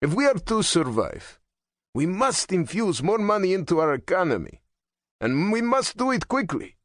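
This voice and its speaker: A man narrating an audiobook voices a fervent hardline male politician, raspy, harsh and impassioned. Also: sits high, sing-song, normal speed, fairly bright tone, no echo, clean studio sound, voice pushed up. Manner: impassioned, intense.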